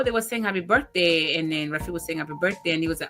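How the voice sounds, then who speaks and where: A woman's voice: lowish voice, quick pace, hardly any pauses, faint music behind. A woman in her forties hosting a talk show, chatting casually and acting out the people in her stories. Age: 40s. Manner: animated storyteller who acts out quoted dialogue. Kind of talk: casual chat.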